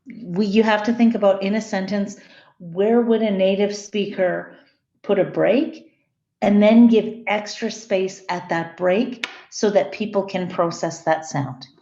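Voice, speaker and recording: A woman's voice: medium pitch, fairly even intonation, unhurried, dark tone. A woman lecturing a class, explaining ideas step by step and often restarting or correcting her wording. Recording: echoey room, slightly dull sound.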